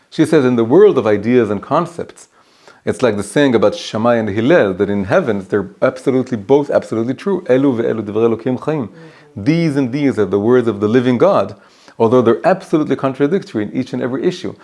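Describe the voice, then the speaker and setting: A man of middle pitch teaching a class as a rabbi, animated and quick to restart his thoughts. He tells stories and explains ideas in a casual lesson in a private home. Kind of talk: storytelling lesson.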